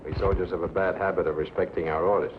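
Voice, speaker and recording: An actor playing a courteous young Roman officer in a 1960s film dub, speaking in a polite, measured way. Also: male voice, sits low, steady tone, natural voice. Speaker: Roman soldier. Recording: dull old film sound with hiss.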